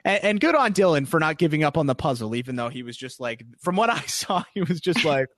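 A young man hosting a casual recap podcast, chatty and animated, laughing often and acting out what others said. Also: fast, no room sound, clean studio sound. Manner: animated, acts out quotes in high voices, laughs often. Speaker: podcast host.

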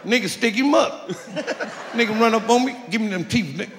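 A man's voice: high voice, normal speed. A man from Detroit doing a profane stand-up comedy set, chuckling through his own punchlines, recorded live on a comedy club stage. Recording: echoey live club recording with crowd noise. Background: audience laughter and club ambience.

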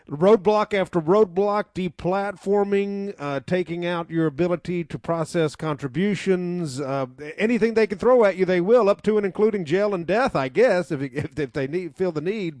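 Radio guest dude, pretty high voice, dry wry commentary, takes his time. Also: moderate pace, a little mellow, no room sound.

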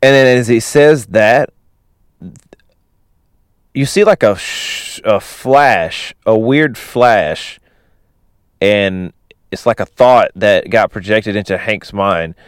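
A man's voice: fairly low pitch, slow pace, pauses often, clear, resonant tone, no room sound, clean studio sound. A man casually retelling a film plot, rambling with many fillers and chuckling asides.

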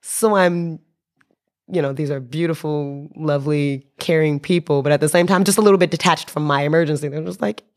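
Animated young woman telling a story. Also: low voice, a little fast. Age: young adult. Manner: animated, self-correcting, often laughing. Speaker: storyteller in a conversation. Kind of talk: casual anecdote telling.

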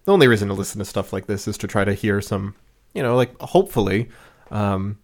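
A man's voice: lowish voice, animated, fast. A man co-hosting a podcast, chatting casually, rambling with lots of fillers and laughing often. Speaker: podcast co-host.

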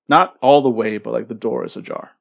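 Gravelly male game master, halting narration full of fillers. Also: medium pitch.

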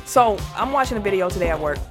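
A woman hosting a casual sports podcast, telling stories with animated delivery and frequent laughs. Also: medium pitch, fast talker, over music. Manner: animated storytelling, laughs often. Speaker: podcast host.

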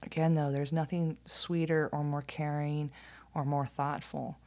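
Blunt, low-voiced woman talking casually. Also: level tone, unhurried, a little mellow. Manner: candid and blunt, swears freely, laughs often. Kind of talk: casual monologue.

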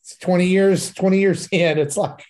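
A man's voice: sits high, steady tone, moderate pace, darkish tone. A man in his forties co-hosting a casual podcast, reading out listener comments with self-deprecating jokes. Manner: joking, self-deprecating, laughs often.

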